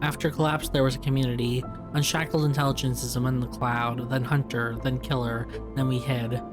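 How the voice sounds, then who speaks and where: Terse machine intelligence in a vending machine, read by a man, clipped broken sentences, mid-pitched, game music behind. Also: little pitch movement, brisk, natural voice. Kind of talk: reading game dialogue aloud.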